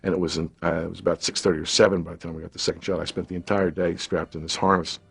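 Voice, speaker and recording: A man in his fifties, an actor telling a reflective, unhurried anecdote from a film shoot in an interview. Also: sits low, flat delivery, gravelly, fairly bright tone, husky.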